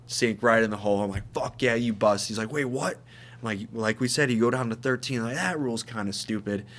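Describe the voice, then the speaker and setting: Young male podcast co-host, low voice, rowdy storyteller. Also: fairly quick. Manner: animated, swearing, laughing while telling stories. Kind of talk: casual storytelling chat.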